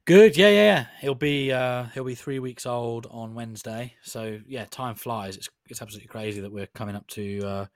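Man co-host, easygoing teasing banter, middle pitch, dry mic. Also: normal speed, few pauses, dry recording. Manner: chatty, laughs easily, teasing. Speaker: podcast co-host. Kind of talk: casual banter.

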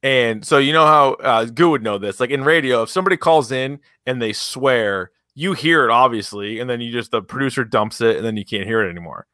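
A man's voice: mid-range voice, brisk, hardly any pauses, pushed and bright, no echo, clean studio sound. A man co-hosting a podcast, telling loose joking stories in casual chat. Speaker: podcast co-host.

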